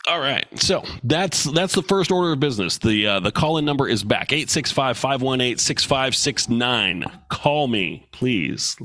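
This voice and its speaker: A man's voice: mid-range voice, animated, normal speed, few pauses, sharp tone, no room sound. A man hosting his own podcast in a casual solo talk, blunt, profane and joking. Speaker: podcast host. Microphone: studio microphone with headphones.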